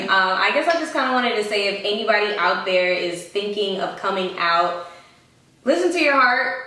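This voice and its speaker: A woman's voice: medium pitch, a bit bright, distant mic. Sassy young woman in an echoey room. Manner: sassy, emphatic asides. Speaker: vlog co-host. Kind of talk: casual storytelling to camera. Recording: echoey room, away from mic.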